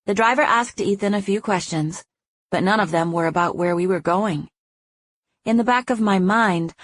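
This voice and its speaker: A woman reading a first-person romance audiobook, narrating smoothly and giving the heroine's lines a lively, playful voice. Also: on the low side, dry recording.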